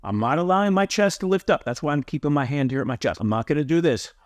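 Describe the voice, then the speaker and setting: A man's voice: on the high side, expressive, fast, no room sound, studio quality. A man teaching a yoga breathing tutorial, earnest and emphatic, often repeating his key points. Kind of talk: instructional tutorial.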